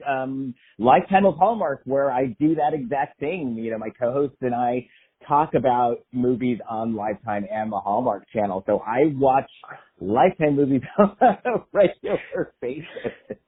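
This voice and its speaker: Husky-voiced guest man, tinny line. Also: medium pitch, moderate pace. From West Coast of the US. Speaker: podcast guest. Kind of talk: casual chat.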